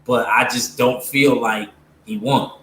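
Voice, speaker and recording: A man's voice: mid-range voice, steady tone, slow pace, fairly bright tone, roomy sound, a little hiss or hum. A man giving blunt, opinionated boxing commentary to his viewers, casual and slangy, with lots of fillers. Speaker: streamer talking boxing with viewers.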